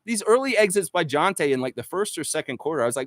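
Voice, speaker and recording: A man with a slightly high voice talks fast while hosting a live stream, recorded dry with clean studio sound. He rants excitably and swears a lot, reading viewer chat comments out loud in a casual style.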